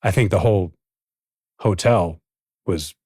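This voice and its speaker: A man's voice: low voice, a little slow, darkish tone, husky, no echo, studio quality. A man co-hosting a podcast who cuts in with short reactions and questions. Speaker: podcast co-host. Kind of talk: casual chat.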